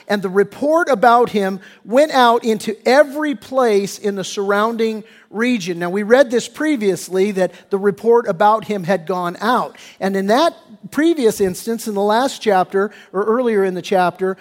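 A man's voice: high-pitched, measured pace, big-room sound. A male pastor preaching a sermon in a church sanctuary, talking in a folksy, conversational way with stumbling restarts.

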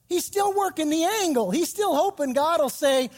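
A man's voice: very high-pitched, very animated, moderate pace, hardly any pauses, a little mellow, big-room sound. A man pastor giving a sermon, retelling scripture in casual, slangy storytelling.

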